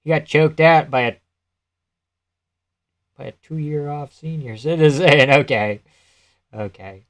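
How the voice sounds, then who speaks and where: A man's voice: fairly high pitch, slow pace, a bit bright. A young man live-streaming casual commentary, laughing often, swearing and answering his chat as he talks.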